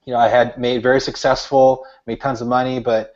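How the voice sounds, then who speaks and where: A man's voice: mid-range voice, level tone, brisk, a little mellow. A middle-aged man, an author and speaker, telling stories earnestly in an interview, with many restarts. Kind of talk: interview, storytelling. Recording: dull lo-fi audio.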